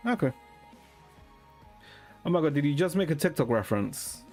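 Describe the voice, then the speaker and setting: Deadpan streamer guy, lively pitch. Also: normal speed, faint music behind. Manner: deadpan, swearing, rambling. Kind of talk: casual chat with viewers.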